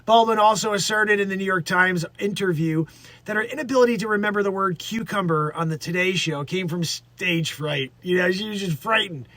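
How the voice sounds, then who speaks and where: A man's voice: high voice, brisk, bright, forceful tone, dry recording. A man hosting a comedic news show, reading stories and riffing in a rambling, self-interrupting, mocking way.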